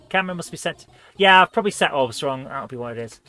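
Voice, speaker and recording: Rambling, self-mocking streamer, male, fairly high, bright tone. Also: fast talker, faint music behind. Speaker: retro gaming streamer. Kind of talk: live-stream chat while gaming.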